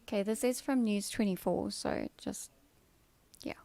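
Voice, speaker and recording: A woman's voice: mid-range voice, unhurried, creaky, dark tone, no room sound. A South African woman chatting casually on a live stream from home, answering viewers by name with dry sarcasm. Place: at home, kids' TV in another room.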